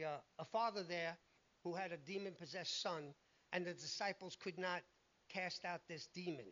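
A man's voice: high-pitched, pushed and bright, dull audio. A man preaching a sermon in an emphatic way, acting out the lines he quotes.

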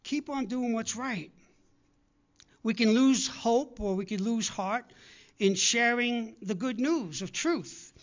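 Taking it slowly, a man with an extremely high-pitched voice preaches a sermon, and the audio is dull. He earnestly and repeatedly exhorts his congregation, acting out those he quotes.

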